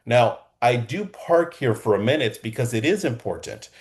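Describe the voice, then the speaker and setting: A man coaching real estate agents in a lively, conversational way, often checking in with the listener. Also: mid-range voice, normal speed. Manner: energetic and conversational, keeps checking in with "okay?". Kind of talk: coaching lesson. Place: Southern California.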